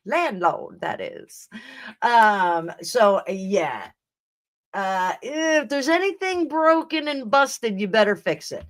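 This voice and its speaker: A woman's voice: mid-range voice, sing-song, a little slow, fairly bright tone. A woman hosting a live tarot stream, chatting casually and rambling, with frequent laughs and restarts. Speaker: tarot reader and livestream host. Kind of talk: casual livestream chat.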